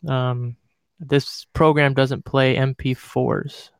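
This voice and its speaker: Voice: medium pitch, flat delivery, slow, creaky, clear, resonant tone. A host of a casual radio show talking in a loose, wry, playful way. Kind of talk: casual chat.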